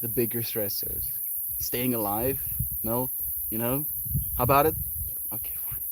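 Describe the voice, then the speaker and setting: A man hosting a casual livestream, chatting with viewers in a rambling, animated way and swearing now and then. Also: mid-range voice, a little slow, rough recording. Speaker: livestream host. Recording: steady outdoor noise with insects.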